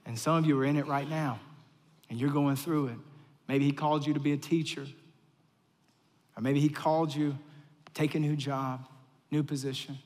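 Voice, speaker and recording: A fairly high-voiced man preaches to his congregation in a casual, storytelling style, returning to the same phrases for emphasis. He swings between near-whispers and loud, punchy lines. His voice rings out through a large hall with a long reverb tail. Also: steady tone, moderate pace, pauses often. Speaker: pastor. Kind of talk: conversational sermon.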